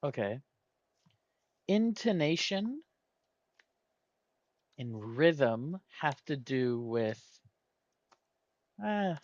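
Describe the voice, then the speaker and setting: Man solving a word puzzle aloud, unhurried and hesitant, dry close sound. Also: medium pitch, dry recording, highs cut off. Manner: muses aloud, hesitant, weighs options slowly. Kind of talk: thinking aloud while playing.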